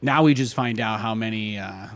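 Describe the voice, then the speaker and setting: A man's voice: on the low side, normal speed. A young man streaming a strategy game and chatting about it as he plays, rambling and repeating phrases. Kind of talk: live gameplay commentary.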